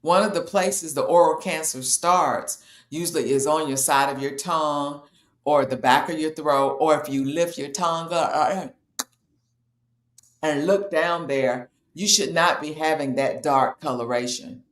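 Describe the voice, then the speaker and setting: A woman with a low voice, speaking a little slowly, hosts a talk show and explains a health topic in a casual, matter-of-fact manner as a health educator. The sound is reverberant.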